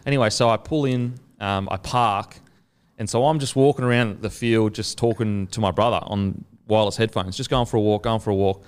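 A man's voice: lowish voice, brisk, smooth. Man telling a sweary story. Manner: swearing, animated storytelling with acted quotes. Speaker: podcast host. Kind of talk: casual chat, storytelling.

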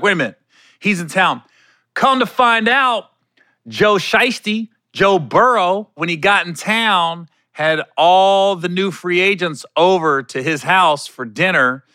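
A man's voice: a little high, bright, forceful tone, no room sound. A middle-aged man hosting his own podcast in a studio, chatting casually and telling stories with laughter and quoted voices. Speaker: podcast host. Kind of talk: casual solo podcast chat. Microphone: studio podcast mic.

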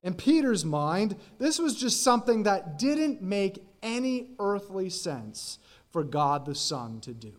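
A man preaching a sermon as pastor in a church, earnest and explaining scripture, now and then acting out the quoted lines. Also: high-pitched. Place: church sanctuary.

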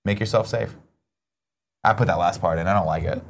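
A man's voice: low voice, a little fast, a little hiss or hum. A man hosting a morning chat show, teasing his co-hosts in a sarcastic, mock-grumpy way. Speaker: show host. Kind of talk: casual chat. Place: studio.

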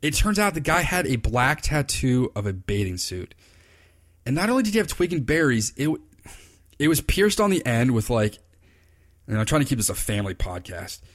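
A man's voice: mid-range voice, sing-song, normal speed. A man hosting his own podcast, telling rambling, enthusiastic stories in casual chat. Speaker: podcast host, fly fishing consultant. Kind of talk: casual solo podcast talk. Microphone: computer recording.

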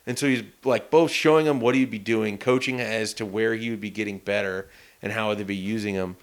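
A man's voice: on the low side, fairly even intonation, fairly quick. A man co-hosting a casual sports podcast, telling stories in an easygoing, rambling way. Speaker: sports reporter and co-host.

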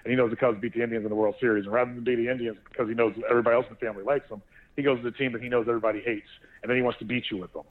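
A man co-hosting a talk show, telling a family story in an animated way and laughing as he goes. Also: mid-range voice, rapid-fire, slight background noise. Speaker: co-host of a sports talk show. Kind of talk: casual storytelling chat. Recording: tinny phone line.

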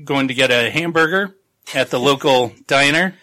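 A podcast host with a bright, forceful voice rambles through a book summary. He jokes, swears casually and chats in a loose, friendly tone. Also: mid-range voice, moderate pace. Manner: rambling, jokey recap full of laughs and profanity. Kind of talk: casual book-club chat.

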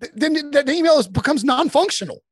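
A lively man talking sports in casual podcast chat, his pitch bouncing up and down a lot. He laughs often and throws in quick asides. The sound is close and dry, with no room around it. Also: no echo. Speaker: guest sports writer.

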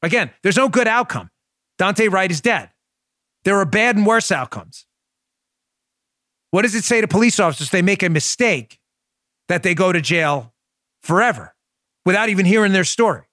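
A podcast host in his forties, forceful and animated, talks politics at a moderate pace, using loud emphasis and pointed rhetorical questions broken up by long pauses. His voice, a touch high with a Queens, New York accent, is recorded close and dry on a studio microphone with no echo.

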